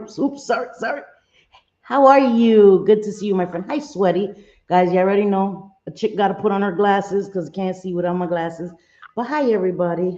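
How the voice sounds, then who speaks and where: A woman's voice: fairly low pitch, darkish tone, muffled recording. A woman hosting a casual livestream, apologetic and chatty, greeting her viewers one by one. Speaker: livestream host.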